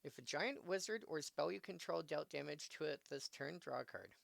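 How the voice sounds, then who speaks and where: A man's voice: a little high, animated, normal speed, creaky, a bit bright, dry recording. A man casually commenting on a live stream, reading card text aloud and adding musing asides. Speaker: streamer opening card packs.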